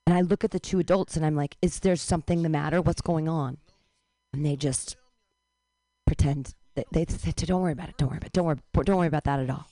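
A lowish-voiced middle-aged woman tells a comic story, animated and quick to break into loud wails. Her voice sits close and dry, with no room around it. She talks as if to friends on a radio show. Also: no room sound. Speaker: comedian telling a story.

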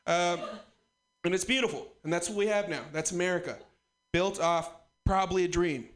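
A man's voice: sits high, normal speed, a bit bright. A man in his twenties doing a rambling, profane, self-mocking stand-up routine. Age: 20s. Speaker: stand-up comedian.

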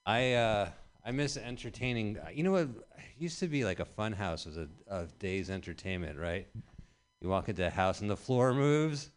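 A man in his thirties performing a rambling stand-up set with deadpan delivery in a small venue. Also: on the low side, normal speed, smooth. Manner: rambling deadpan delivery with bursts of loud emphasis. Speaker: stand-up comedian. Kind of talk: stand-up set at an open mic.

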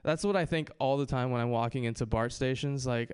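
A man's voice: mid-range voice, fairly quick, darkish tone, clean tone. A man from Hawaii doing stand-up on a club stage, hesitant and full of fillers. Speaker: stand-up comedian. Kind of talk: live stand-up set.

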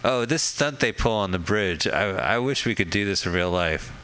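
A man's voice: on the low side, animated, moderate pace, sharp tone, clean tone, rough recording. A man hosting a casual radio chat, joking and rambling about a film he is watching, swearing freely. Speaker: host. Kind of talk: casual movie commentary chat.

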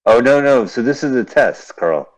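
A man with a medium-pitched, animated voice talks at a moderate pace, casually bantering with his co-host about an old silent film. He walks through scenes between dry jokes, and the radio stream sounds dull and lo-fi.

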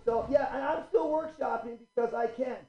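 A man's voice: extremely high pitch, normal speed, gravelly, muffled recording, a little hiss or hum. A man hosting a stand-up comedy show in a small room, rambling and profane, often cutting himself off. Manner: rambling, self-interrupting, profane.

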